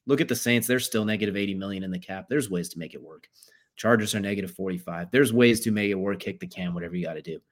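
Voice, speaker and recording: Man, sports co-host, fast and conversational, a bit low in pitch. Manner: conversational, reasoning aloud, uses "like" fillers. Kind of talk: casual sports talk.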